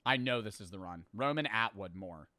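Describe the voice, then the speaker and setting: A young man in his twenties giving excitable live commentary as he plays a game, muttering low and then shouting, swearing freely. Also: moderate pace. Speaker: gaming streamer. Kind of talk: live gaming commentary to chat.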